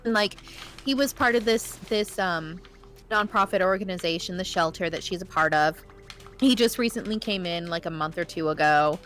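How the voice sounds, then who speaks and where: A woman's voice: normal speed, fairly bright tone, faint music behind. Rambling woman telling a work story. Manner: rambling, with higher put-on voices for the people she quotes. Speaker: guest on stream; veterinary clinic receptionist. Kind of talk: casual storytelling chat.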